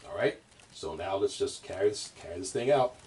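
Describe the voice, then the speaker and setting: Low-voiced man, relaxed drum lesson, rambling with fillers, distant mic, drums playing behind. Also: a little fast, over loud music. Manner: loose, rambling, many fillers and restarts. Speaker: drum teacher. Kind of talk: casual instructional talk.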